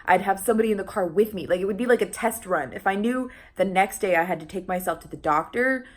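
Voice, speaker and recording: A woman's voice: medium pitch, fast. A young woman talking casually in a vlog, chatty and full of restarts and fillers, laughing often. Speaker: vlogger.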